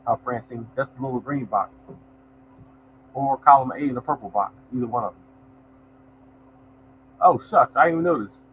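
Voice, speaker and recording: A man's voice: medium pitch, normal speed, long pauses, muffled recording, slight background noise. A man hosting a lottery numbers show, chatting loosely to viewers and reading out numbers. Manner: loose, conversational, reads out numbers, addresses viewers as y'all. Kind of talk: casual livestream chat to viewers.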